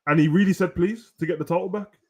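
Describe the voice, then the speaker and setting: A young man hosting a casual, animated wrestling rant full of slang, at times breaking into shouts. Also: high-pitched, racing, muffled recording. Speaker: host. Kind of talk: casual ranting commentary.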